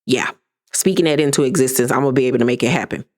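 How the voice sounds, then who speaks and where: A woman's voice: a bass voice, racing. A woman in her thirties giving a sassy, gossipy casual recap of a reality show, sometimes mimicking the cast. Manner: sassy, gossipy, animated impressions of cast members.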